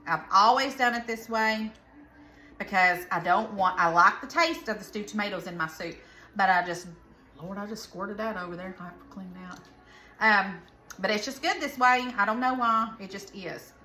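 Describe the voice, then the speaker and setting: Cooking in her home kitchen, a woman with a Southern American accent makes casual vlog talk to viewers and rambles into folksy asides. The echoey room carries her medium-pitched, sharp-toned voice at a moderate pace.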